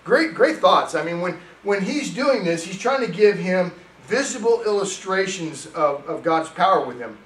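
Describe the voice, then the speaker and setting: Animated, high-voiced male pastor preaching. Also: moderate pace, few pauses, echoey room, distant mic, rough recording. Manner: animated storytelling, reads scripture aloud. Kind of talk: sermon. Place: church sanctuary.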